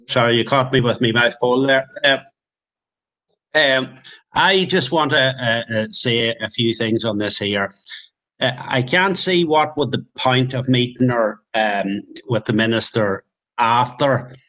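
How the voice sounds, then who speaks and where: Casual: northern irish councillor guy, sharp bright voice, annoyed, lots of uh um. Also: mid-range voice. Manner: indignant, halting with fillers. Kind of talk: council meeting debate.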